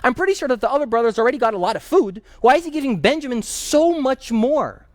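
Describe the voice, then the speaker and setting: Guy pastor running a bible study, lively storyteller, repeats himself, sometimes hunts for a word, dry close sound. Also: extremely high pitch, fast talker, dry recording. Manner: animated storytelling, repeats key phrases, sometimes searches for words. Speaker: pastor teaching a Bible class. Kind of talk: Bible study teaching with questions from the class.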